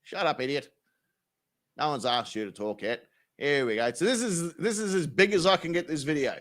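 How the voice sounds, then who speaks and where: An Australian man with a high, bright voice hosts a live stream. He swings up and down in pitch as he jokes, swears and laughs his way through the chat. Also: expressive, normal speed. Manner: profane, laughing, joking with chat. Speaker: livestream host. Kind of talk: casual live chat reading comments.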